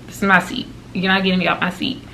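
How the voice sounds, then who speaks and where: A woman vlogger telling a story in a casual, exasperated way, with her pitch jumping high when she quotes people. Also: fast talker, gravelly, slight background noise. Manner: animated and exasperated, with big pitch jumps when quoting.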